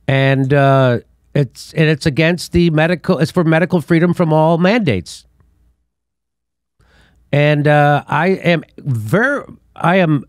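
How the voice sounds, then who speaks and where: A middle-aged man hosting a political commentary show, talking in an animated, scornful way and laughing between his points. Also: on the high side, no echo, clean studio sound. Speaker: show host.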